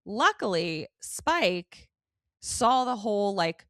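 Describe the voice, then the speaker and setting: A middle-aged woman co-hosting a podcast, recapping an episode in a casual, animated way and slipping into quoted voices. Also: mid-range voice, slow, no echo, studio quality. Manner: animated storytelling, slips into quoted voices, swears. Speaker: podcast co-host.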